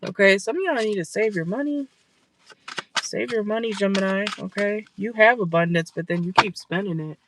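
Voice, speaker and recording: A woman's voice: medium pitch, moderate pace. A woman giving a casual tarot reading from her car, blunt and scolding, swearing freely, with a stuffy nose. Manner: blunt, scolding, profane, chatty. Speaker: tarot reader. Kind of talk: casual direct-to-camera reading. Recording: noticeable background noise.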